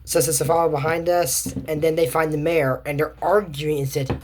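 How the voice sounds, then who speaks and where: A woman's voice: low-pitched, fairly even intonation, moderate pace, darkish tone. A woman giving a casual, rambling recap of a cartoon episode, with sarcastic asides.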